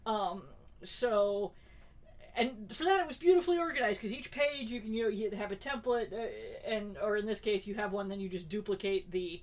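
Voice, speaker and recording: A woman's voice: medium pitch, normal speed. A woman co-hosting a podcast in casual chat, wry and talkative, with many fillers and restarts. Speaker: podcast co-host.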